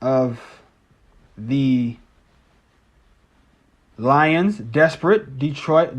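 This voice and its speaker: A man's voice: fairly high pitch, slow pace, pauses often. A man hosting a casual post-game sports live stream, rambling and cursing, often stammering and restarting words.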